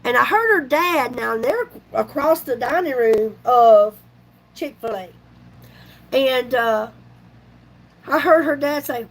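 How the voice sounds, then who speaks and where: A woman's voice: fairly high pitch, normal speed, rough recording. A woman, telling a folksy story to her vlog viewers. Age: 50s. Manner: chatty, folksy, animated retelling with laughs. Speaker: YouTube vlogger.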